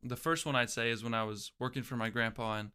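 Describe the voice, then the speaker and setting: A young man from Oklahoma, USA, guests in an interview, reflectively telling his own story and often restarting phrases. His mid-range voice is steady, pushed, bright, and smooth, and he talks fast.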